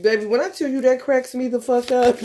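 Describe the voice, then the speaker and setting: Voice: high-pitched, fairly even intonation, a little fast, background noise. A vlogger talking in a loose, profane monologue, laughing often and calling listeners honey and baby. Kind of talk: casual monologue.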